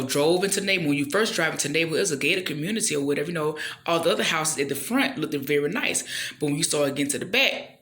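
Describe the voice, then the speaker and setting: A woman telling a story in a chatty, animated way, acting out the people in it and checking in with the listener as she goes. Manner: animated, acts out the people in her story with big jumps in pitch. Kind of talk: casual storytelling with a faith message.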